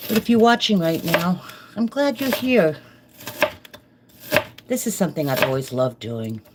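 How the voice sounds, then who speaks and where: With a lowish, sing-song voice at a measured pace, a middle-aged woman cooks live at home and chats casually to viewers. She's a live-stream cooking vlogger, rambling and friendly. Underneath, there's kitchen noise of chopping and clicks.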